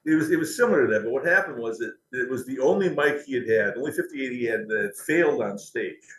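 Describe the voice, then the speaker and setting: A man's voice: medium pitch, expressive, fast talker, fairly bright tone, slight background noise. A man, a company historian, telling anecdotes in an interview, chatty and laughing now and then. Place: company building. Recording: roomy echo.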